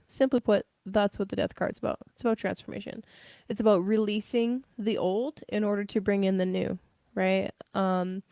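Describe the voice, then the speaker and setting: A woman's voice: medium pitch, vocal fry, a little mellow, dry recording, studio quality. A woman giving a casual live tarot reading, giggly and rambling, with frequent swearing. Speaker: tarot reader.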